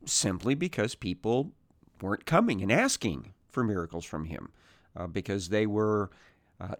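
Slow, low-voiced man teaching Scripture. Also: no echo, clean studio sound. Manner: measured, thoughtful, with frequent "uh" pauses and restarts. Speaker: Bible teacher. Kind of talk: unhurried Bible teaching.

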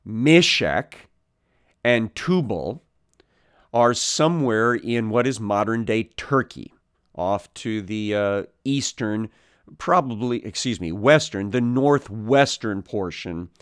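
A man giving a Bible teaching talk, speaking deliberately with many pauses and "uh" fillers, and explaining the origins of words. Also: medium pitch, clear, resonant tone, dry recording, clean studio sound. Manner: explains word origins, corrects himself mid-sentence.

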